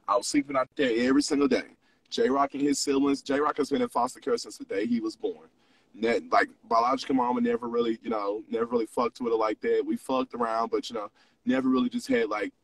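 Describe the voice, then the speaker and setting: A man's voice: mid-range voice, breathy edge, no echo, recorded from a distance, poor audio. A young man in his twenties hosting a livestream, mixing mock preaching with profane, confessional casual talk. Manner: profane, preachy, swings between teasing and confessional. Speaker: livestream host.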